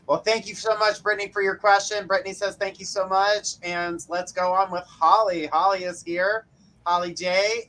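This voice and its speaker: A man's voice: sits high, bright, forceful tone, a little hiss or hum, rough recording. A man co-hosting a live show, calling up viewers' questions in an upbeat, chuckling way. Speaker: co-host. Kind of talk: casual chat, moderating live questions.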